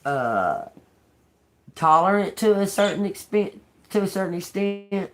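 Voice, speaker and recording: A woman's voice: mid-range voice, expressive, measured pace. A woman tarot reader talking in a casual, rambling monologue, blunt, sarcastic and full of swearing, laughing between remarks. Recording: noisy home recording.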